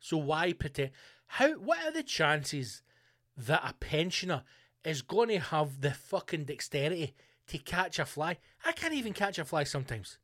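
A man delivers a crude, sweary comic monologue as a podcast host. His voice sits slightly high for a man, and the sound is dry and close with no room around it. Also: big pitch swings, moderate pace, a bit bright, no echo. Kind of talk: casual comedic monologue.

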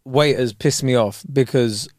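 A man's voice: medium pitch, measured pace, darkish tone, dry recording, clean studio sound. A man co-hosting a podcast, teasing and blunt in casual banter. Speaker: podcast co-host. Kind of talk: casual chat.

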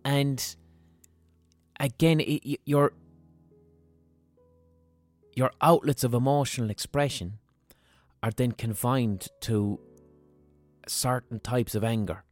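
A man's voice: mid-range voice, fairly even intonation, takes it slowly, pauses often, no room sound, soft background music. A man hosting a podcast, telling stories in a frank, rambling monologue with plenty of swearing and restarted sentences. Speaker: podcast host. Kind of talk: candid monologue.

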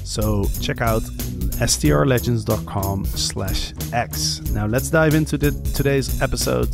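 An energetic male podcast host with a mid-range voice who reads his intro and then chats casually with guests. Faint music plays behind him. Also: mid-range voice, a little slow, gravelly. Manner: upbeat, energetic, chatty. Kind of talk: casual interview, scripted intro.

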